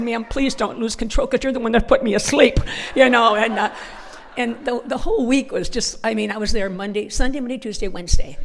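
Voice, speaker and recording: A middle-aged woman speaking at a church conference, telling humorous stories and acting out the voices in her dialogue. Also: a little high. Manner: animated storyteller acting out dialogue. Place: church hall. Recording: long hall reverb.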